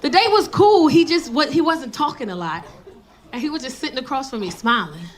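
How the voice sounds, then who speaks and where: A woman's voice: high voice, animated, a little fast. Brash woman comedian on stage. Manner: brash, teasing the crowd. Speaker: stand-up comedian. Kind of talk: stand-up set. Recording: live club with loud laughing crowd.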